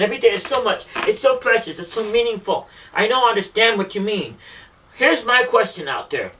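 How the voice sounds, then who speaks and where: A man's voice: sits high, expressive, brisk, sharp tone, recorded from a distance, slight background noise, rough recording. A man delivering an emotional, pleading monologue about faith and the meaning of life, repeating himself often. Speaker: self-styled spiritual messenger.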